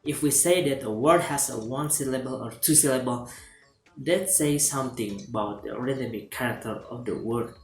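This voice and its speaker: A man reads a phonology lesson aloud as a student presentation. His delivery is steady and scripted, with the odd stumble and restart. The room gives his voice a roomy echo, and faint music plays underneath. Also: medium pitch, moderate pace. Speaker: student presenting a class assignment.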